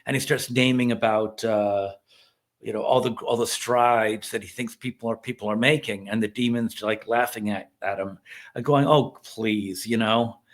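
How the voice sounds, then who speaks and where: A middle-aged man who is a reverend, talking through a movie review in a casual video, with an earnest, rambling and halting delivery. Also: mid-range voice, fairly even intonation.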